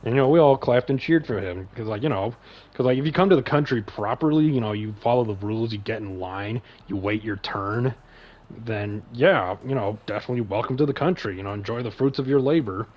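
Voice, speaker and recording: A man's voice: medium pitch, brisk, a little mellow. A man hosting a casual chat stream, rambling with lots of fillers and heavy swearing. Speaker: podcast host and streamer.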